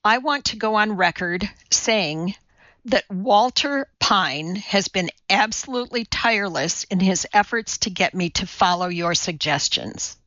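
A woman voicing a steady, composed female chemist who speaks calmly and matter-of-factly. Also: mid-range voice, unhurried, no echo, highs cut off. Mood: firm. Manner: calm, steady, matter-of-fact.

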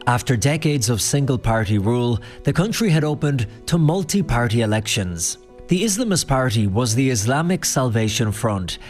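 A male reporter reading scripted documentary narration in a measured, serious way. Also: medium pitch, lively intonation, darkish tone, soft background music.

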